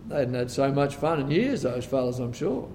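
A man preaching a sermon, retelling a Bible story with lively storytelling and acting out the characters' lines. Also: mid-range voice, moderate pace, slight background noise. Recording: long reverb of a large hall.

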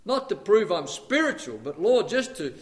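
A male pastor preaching a sermon, asking the congregation questions and swinging between loud and hushed delivery. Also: high voice, very animated, moderate pace.

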